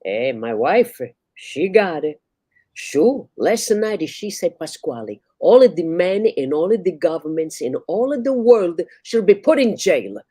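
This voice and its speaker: A woman voicing a loud middle-aged Italian barber who talks in emphatic broken English. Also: sits low, monotone, brisk, hardly any pauses, no room sound, studio quality, lightly acted. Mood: chatty.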